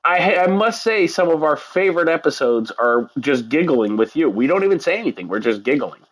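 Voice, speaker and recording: Teasing male host, lively voice. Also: a little high, fairly quick. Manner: teasing, laughs a lot. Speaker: podcast host. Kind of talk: casual chat.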